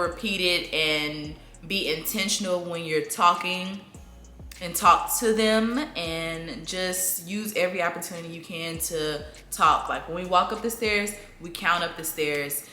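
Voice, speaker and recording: Chatty young mom, bright and laughing. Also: female voice, lowish voice, a little slow. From southern United States. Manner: chatty, laughs often, lively acted-out baby-talk bursts. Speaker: mom vlogger answering viewer questions. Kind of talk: casual sit-down Q&A. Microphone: camera mic. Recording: echoey room, faint room noise.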